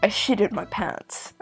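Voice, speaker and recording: Slow-talking teasing woman streamer. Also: on the high side, slightly rough. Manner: joking, teasing, crude. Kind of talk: casual gameplay commentary.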